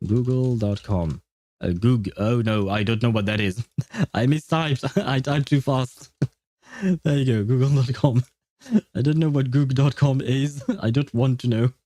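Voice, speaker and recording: Mellow-voiced man streamer with a French accent. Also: medium pitch, measured pace, dry recording. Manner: rambling, self-correcting, laughs often. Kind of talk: casual livestream chat.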